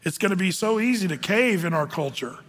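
A man preaching a conversational sermon, with many fillers and slow scripture readings. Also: high voice, animated, fairly bright tone, in a large hall. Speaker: pastor.

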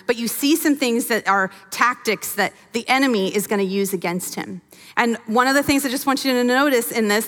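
A woman teaching a sermon from scripture, animated and acting out the characters' voices as she tells the story. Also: on the high side, big-room sound. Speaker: Bible teacher.

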